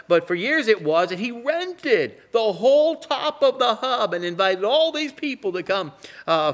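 A man preaching a sermon and telling illustrative stories, in a slow, dramatic delivery that drops to a hush for emphasis. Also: high-pitched.

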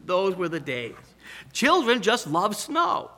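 An older man preaching a sermon, telling stories with emphatic, animated delivery. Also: high-pitched, slow pace. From Pacific Northwest US. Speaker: pastor.

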